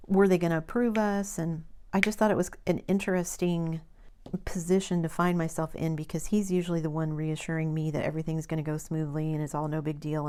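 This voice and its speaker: Low-voiced chatty American woman. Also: mellow. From United States. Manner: chatty storytelling with quoted dialogue. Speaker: crafting channel host. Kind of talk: rambling casual chat.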